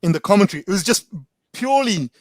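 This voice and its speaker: A man's voice: sits high, lively intonation, fast, no echo. A man, a guest in a casual chat, telling stories animatedly with lots of slang and filler words. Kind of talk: casual storytelling.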